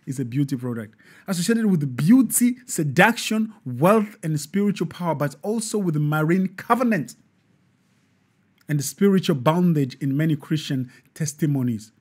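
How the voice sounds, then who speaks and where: A man hosting a live online show, talking in an animated, preachy way with frequent restarts and self-corrections. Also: on the high side, husky. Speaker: host.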